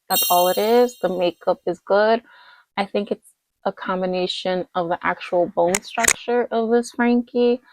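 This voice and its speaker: This doll collector vlogger, worn out late at night, casually reviews dolls with chatty rambling, frequent fillers and self-corrections. Her voice is mid-range, and the recording is dry and rough.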